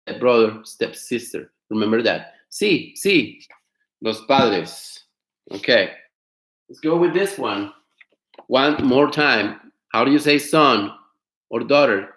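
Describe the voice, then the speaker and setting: A man teaching an online class, explaining words slowly, repeating them and asking his students questions. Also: mid-range voice, fairly bright tone, echoey room. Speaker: Spanish teacher. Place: home studio.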